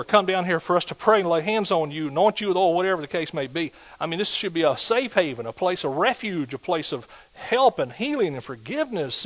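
A man preaching a sermon, swinging between loud exhortation and hushed asides. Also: a little high. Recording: dull lo-fi recording.

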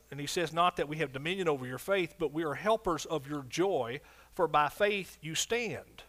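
A pastor, male, preaches with a mix of loud declarations and soft asides, frequently prompting an amen. His voice is fairly high-pitched.

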